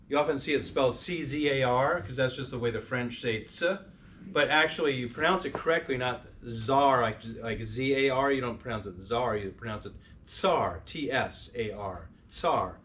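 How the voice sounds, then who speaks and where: In a parish hall or church, a man gives a casual history talk to a parish group, restarting sentences and putting questions to his listeners. His voice is medium in pitch, animated and fairly bright, at a normal pace, with slight background noise.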